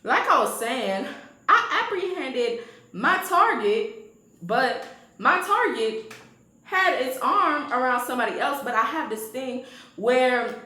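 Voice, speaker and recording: A woman's voice: on the high side, pushed and bright. Slangy young woman telling a story, roomy echo. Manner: slangy, chatty, talks straight to viewers. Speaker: storytime vlogger. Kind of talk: casual storytime chat.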